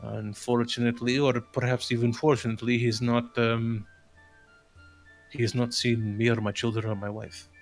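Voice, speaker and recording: A man voicing a cautious, protective village father who speaks in a measured, formal way. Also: medium pitch, level tone, faint music behind, close to an everyday voice. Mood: sober.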